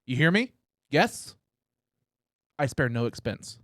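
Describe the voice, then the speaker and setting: A man hosting a casual podcast, telling crude stories loudly and teasing his guest. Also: mid-range voice, very animated, slow, no echo, clean studio sound. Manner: loud, teasing, swears a lot. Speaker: podcast host. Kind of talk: casual chat, crude storytelling. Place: room at home.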